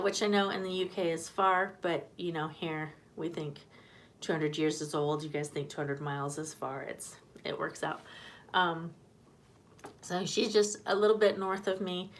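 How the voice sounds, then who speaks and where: A woman with a voice on the low side chats casually during her homesteading live stream, over slight background noise. She says hello to viewers in the comments and laughs without much prompting.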